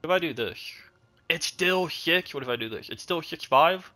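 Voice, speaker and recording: A man's voice: fairly high pitch, animated, moderate pace, pushed and bright. A young man giving rambling, casual commentary while he plays a strategy game, chatting at his units. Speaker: gaming channel host.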